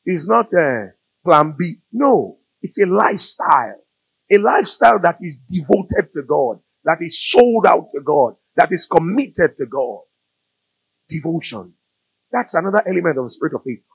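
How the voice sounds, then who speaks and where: A man with a Nigerian accent preaching a sermon, telling stories in an animated way that builds to loud, emphatic peaks. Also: on the high side, moderate pace, vocal fry, slightly rough, no echo, poor audio. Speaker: pastor. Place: church or studio.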